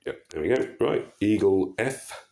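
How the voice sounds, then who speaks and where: A man giving casual commentary over his own puzzle game, relaxed and muttering to himself with frequent pauses and fillers. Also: fairly low pitch, creaky. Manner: relaxed, muttering asides with many ums. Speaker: gaming channel host.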